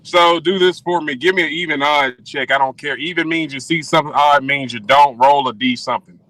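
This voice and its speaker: A man running a tabletop game as game master, talking casually with many pauses and fillers. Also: a little high, pushed and bright, dry recording, rough recording.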